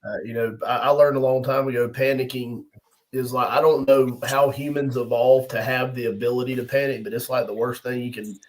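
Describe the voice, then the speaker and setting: A man's voice: mid-range voice, level tone, fairly quick, low-quality recording. A middle-aged man, a guest arm wrestler, chatting casually and telling stories with easy chuckles and restarts. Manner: laid-back storyteller with frequent chuckles and restarts. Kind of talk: casual podcast chat.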